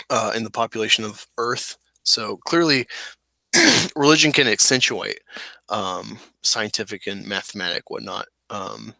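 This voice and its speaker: Bright-voiced young man host. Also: lowish voice, no room sound, low-quality recording. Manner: rambling, many fillers and restarts. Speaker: channel host. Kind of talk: casual livestream chat.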